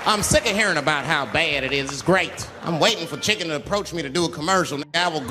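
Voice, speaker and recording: A man's voice: a little high, quick pace, background noise. A middle-aged man doing stand-up comedy on stage, telling loose, profane stories full of acted-out quotes. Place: comedy stage before a live audience.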